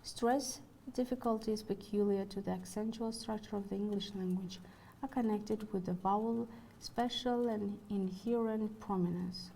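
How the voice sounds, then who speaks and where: A woman giving a recorded university lecture. She reads from notes in a careful, measured way. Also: mid-range voice, steady tone, gravelly, warm tone, a little hiss or hum.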